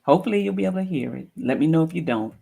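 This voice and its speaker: A woman's voice: low-pitched, lively intonation, rapid-fire, vocal fry, dark tone, breathy edge. A woman hosting a streamed talk show, reflective and encouraging, with loose, easy phrasing. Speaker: show host.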